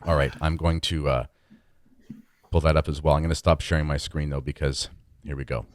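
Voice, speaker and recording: A man's voice: extremely low pitch, fairly even intonation, brisk, dry recording, clean studio sound. A man hosting a podcast in a chatty, self-deprecating conversational way. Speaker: podcast host.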